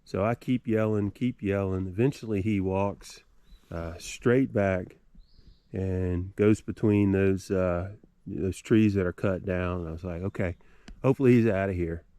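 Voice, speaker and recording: A middle-aged man vlogging outdoors at a mountain campsite, telling a story in a relaxed, rambling way with lots of fillers and restarts. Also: low voice, unhurried, clean tone, no room sound. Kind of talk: casual storytelling to camera.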